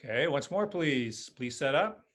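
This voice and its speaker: A man's voice: a little high, expressive, a little slow, a bit bright. A male aikido instructor teaching an online class, calling out short technique cues while he demonstrates. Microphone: laptop or camera mic at a distance. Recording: echoey room, distant mic.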